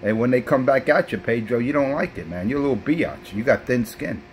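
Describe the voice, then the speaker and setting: A man's voice: medium pitch, animated, brisk, slight background noise, poor audio. A man, trash-talking rivals as a brash, profane CB radio operator. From South Bronx, New York.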